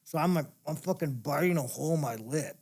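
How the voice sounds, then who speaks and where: A man sits in as a guest for a casual interview, and his voice has a rough, gravelly edge. He tells his stories bluntly and swears freely. He often breaks into laughter as he talks. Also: fairly high pitch, lively intonation, fast talker, a little mellow. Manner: blunt, profane storytelling; laughs while telling stories.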